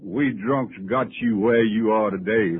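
Speaking at a measured pace in a lowish voice, a man shares his own story at a recovery meeting, folksy, wry and poking fun at himself. The recording is an old, muffled lo-fi tape with a faint hiss.

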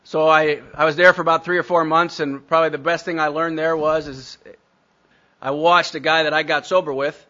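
A man's voice: on the high side, flat delivery, brisk, bright, forceful tone, muffled recording. A man telling his recovery story to a meeting, blunt and self-mocking. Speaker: speaker sharing recovery story.

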